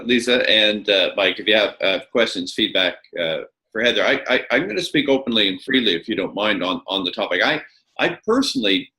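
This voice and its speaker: A man's voice: on the low side, pushed and bright, echoey room, poor audio. A man interviewing a guest as a communications coach, speaking emphatically and often repeating words as he starts a thought. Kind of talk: animated conversational interview.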